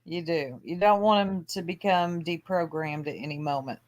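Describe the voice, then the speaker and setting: A woman's voice: on the low side, moderate pace. A woman co-hosting a casual online talk show, who laughs often and answers in short, agreeing replies. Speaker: co-host. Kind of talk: casual podcast chat.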